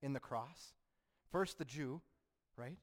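A man preaching a sermon, who swings between fervent, rising passages and hushed, solemn ones. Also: mid-range voice, takes it slowly. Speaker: pastor.

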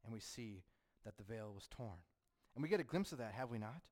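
Man, pastor, sermon, fervent rises, hushed solemn drops. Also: lowish voice, expressive, a little fast.

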